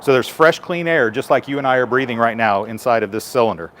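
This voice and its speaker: A man's voice: mid-range voice, expressive, quick pace, a bit bright, slight background noise. A man, a firefighter, giving a live station tour and patiently explaining equipment to children in simple terms.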